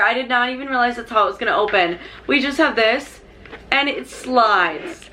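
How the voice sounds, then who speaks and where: Gushy young woman youtuber, kinda high bright voice, says literally and like nonstop. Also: moderate pace, a little hiss or hum. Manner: gushing, bubbly, says "literally" and "like" a lot; pitch jumps high when thrilled. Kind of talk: excited unboxing vlog.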